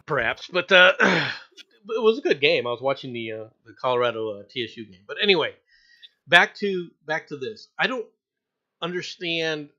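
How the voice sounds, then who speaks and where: An American man co-hosting a casual news stream, opinionated and quick to laugh. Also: on the high side, lo-fi sound. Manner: animated, opinionated, laughs often. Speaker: co-host reading news stories.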